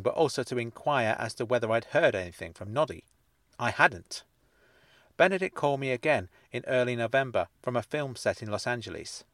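A man's voice: medium pitch, a bit bright, no room sound. Wry man narrating a story. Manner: wry, dry-humoured storytelling. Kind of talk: first-person audiobook narration.

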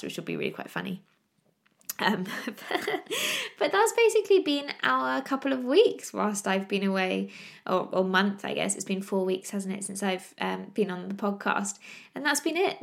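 A woman's voice: mid-range voice, creaky. A woman, hosting a podcast and chatting in a laughing, exasperated storytelling way. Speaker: podcast host. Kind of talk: casual chat.

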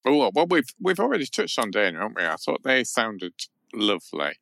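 A man's voice: lowish voice, big pitch swings, fairly quick, vocal fry, a bit bright, dry recording. A man co-hosting a casual chat podcast, easygoing and playful, given to teasing asides. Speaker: podcast co-host.

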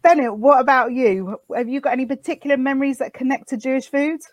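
A woman's voice: high-pitched, steady tone, quick pace, no room sound. A woman hosting a podcast, chatting and telling stories in a casual way. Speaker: podcast host.

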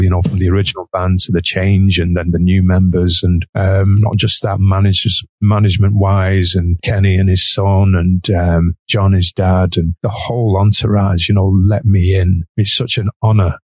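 A man's voice: sits low, gravelly, a little mellow, no room sound. A man with a Manchester accent, a musician guest telling anecdotes in a chatty way and laughing between sentences. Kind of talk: anecdotal storytelling.

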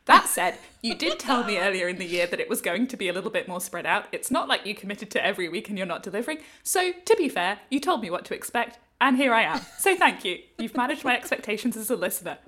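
A woman in her thirties co-hosting a podcast, chatting casually in an animated, enthusiastic way with playful asides. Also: a little high. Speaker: podcast co-host. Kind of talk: casual chat.

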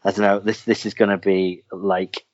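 Deep-voiced man hosting a casual chat. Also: little pitch movement, a little mellow. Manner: rambling, halting restarts, chatty. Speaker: podcast host. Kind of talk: casual chat about films and games. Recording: dull lo-fi recording.

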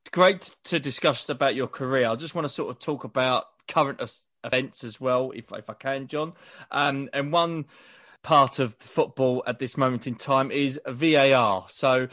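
A male podcast host with a mid-pitched, even voice. He asks his prepared questions politely and at a steady pace. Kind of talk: interview questions.

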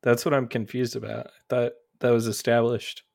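A man's voice: medium pitch, level tone, moderate pace, creaky, darkish tone. A man chats casually as a player at a tabletop game. He talks in a plain, blunt, everyday manner, with a mid-range voice.

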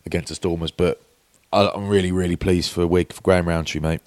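A man's voice: low-pitched, steady tone, a little fast, no echo. A middle-aged man from England, a podcast co-host, telling candid stories in casual chat with British slang. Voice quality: British slang, says "mate" and "bloke". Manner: chatty storytelling, candid and warm toward old teammates.

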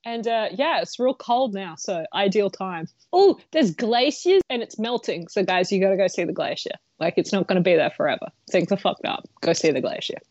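A woman co-hosting a podcast, telling a story in a casual, animated way, laughing often and swearing freely. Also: medium pitch, moderate pace, few pauses, dry recording, lo-fi sound. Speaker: podcast co-host.

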